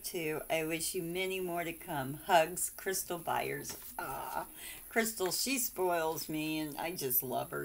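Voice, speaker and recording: Woman, vlogger, casual chat, gushing and giggly, low-ish voice, unhurried. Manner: gushing, giggly, exclaims often. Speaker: vlogger showing mail from friends. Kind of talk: casual chatty unboxing.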